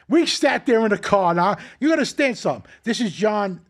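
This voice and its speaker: An older man hosting a casual chat, telling animated, profane stories and acting out what others said. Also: sits high, fairly quick, hardly any pauses. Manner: animated, profane, acts out quotes. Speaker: host.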